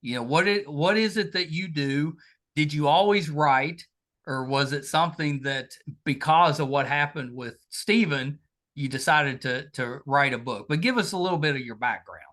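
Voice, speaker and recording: A man's voice: fairly high pitch, moderate pace. A man with a thick Southern US accent hosting a podcast interview, folksy and enthusiastic. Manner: folksy, enthusiastic, lively intonation. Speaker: podcast host. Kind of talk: casual interview chat. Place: home studio in Virginia.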